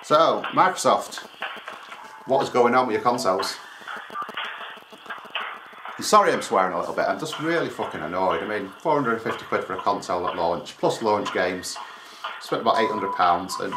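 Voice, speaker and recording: A man's voice: fairly low pitch, expressive, brisk. Fed-up, swearing man. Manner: angry, swearing, exasperated. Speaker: gaming website owner and YouTuber. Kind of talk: venting to camera during a support call. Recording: echoey room with clear background noise.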